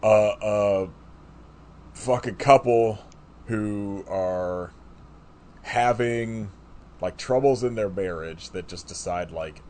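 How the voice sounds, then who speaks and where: A man's voice: lowish voice, slow pace, pauses often, darkish tone. A man co-hosting a podcast, chatting casually about a movie in a rambling way, full of "like" fillers and restarts. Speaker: podcast co-host. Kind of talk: casual chat reviewing a movie.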